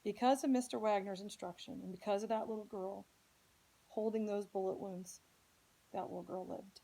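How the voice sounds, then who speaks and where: A woman's voice: medium pitch, steady tone, moderate pace, vocal fry, dark tone, rough recording. A woman from Indianapolis earnestly telling a personal story as a podcast host, speaking with strong emotion. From Indianapolis, United States.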